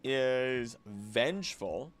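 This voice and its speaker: This young man's late-night stream is a casual, rambling chat in which he thinks aloud, often restarts sentences and gets sidetracked easily. His medium-pitched voice has lively intonation and drawn-out words.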